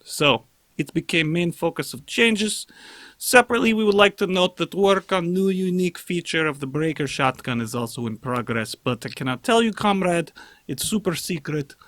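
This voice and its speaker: A man reading a game developer's statement in a deliberately bad, exaggerated Russian accent, as a comic put-on. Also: on the high side, animated, a bit bright, no room sound, voice pushed up. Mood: mock-serious. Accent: Russian, put on badly. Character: earnest adult male game developer reading an update.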